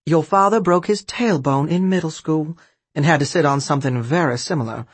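A doting, teasing grandmother in her later years, as a male narrator puts her on. Her voice leaps high with excitement and has a husky edge. The storybook reading sounds close and dry. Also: fairly quick, no room sound. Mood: excited.

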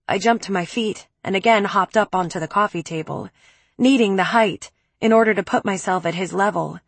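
A woman's voice: mid-range voice, fairly quick, vocal fry, slightly rough, no echo. A woman reading a first-person novel aloud with an intense, dramatic delivery. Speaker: audiobook narrator.

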